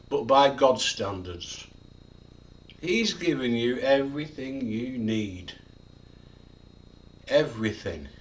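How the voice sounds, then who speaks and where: Slow, emphatic older male preacher. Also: mid-range voice, a bit bright, recorded from a distance. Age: 70s. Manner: emphatic, repeats single words with heavy stress. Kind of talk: devotional video talk on a psalm.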